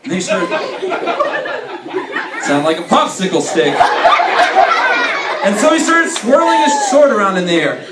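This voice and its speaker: A man's voice: high-pitched, sing-song, measured pace, long pauses. A man co-narrating a Bible story for children in a live skit, playful and talking to the kids. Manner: playful, with joking asides to the kids. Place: church hall with children. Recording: echoey hall, far mic, loud crowd and noise.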